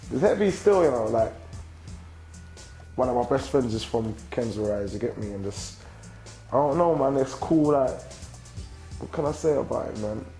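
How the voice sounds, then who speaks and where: A young London man in his twenties answers interview questions in a loose, slang-heavy flow, with a low, mellow voice. There is a gravelly fry to his tone. Faint music plays behind him. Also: rough recording. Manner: slang-heavy, constant "you get me" tags. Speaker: rapper and actor being interviewed.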